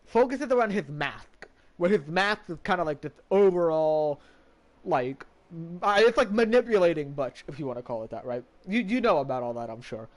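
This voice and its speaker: Male streamer, high and animated, chatty and rambling, casual swearing. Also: moderate pace. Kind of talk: casual game story recap.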